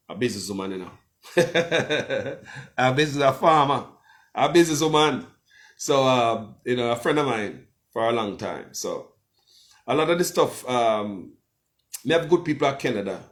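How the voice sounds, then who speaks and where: A man's voice: medium pitch, lively intonation, normal speed, long pauses. A man with a Jamaican accent, a blogger hosting a livestream, talking with passion and calling out to his viewers. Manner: impassioned, keeps calling out to viewers as people. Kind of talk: livestream commentary with a phone-in guest.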